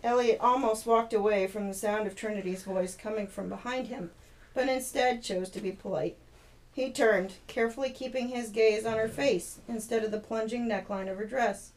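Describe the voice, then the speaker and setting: A woman reading her own novel aloud at home to her daughters, steady and expressive. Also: on the high side, moderate pace. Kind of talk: storybook read-aloud to her children.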